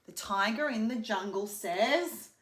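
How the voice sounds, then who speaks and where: A high, bright young woman speaks slowly and carefully as she teaches children hand signs. Her sing-song delivery rolls into a simple animal song. Her voice carries a roomy echo. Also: lively intonation. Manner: sing-song, slow and clearly paced for a child. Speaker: speech pathologist teaching signs. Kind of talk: children's sign-and-sing lesson.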